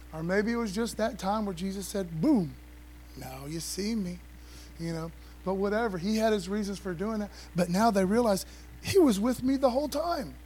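A high-voiced man preaching to his congregation in an easygoing, slangy way. He reads scripture aloud and keeps asking the room for a witness. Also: darkish tone. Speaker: pastor. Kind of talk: sermon.

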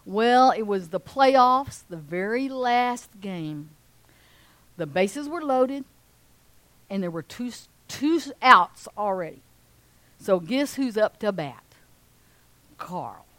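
A woman, preaching and telling a story with lively acted-out voices of a cheering crowd. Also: slow pace, long pauses, dry recording. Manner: animated, acts out cheering crowds in a high voice. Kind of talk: sermon storytelling.

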